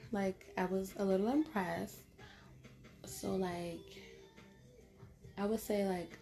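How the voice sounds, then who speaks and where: A woman's voice: low voice, vocal fry, mellow. A woman vlogger telling a casual storytime monologue to her viewers in a blunt, profane and graphic way.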